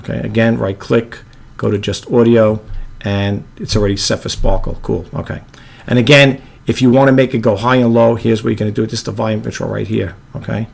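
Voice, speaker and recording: A man with a low monotone voice, hosting a casual video editing tutorial and rambling with apologetic asides. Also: brisk, vocal fry. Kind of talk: casual screen-recorded tutorial.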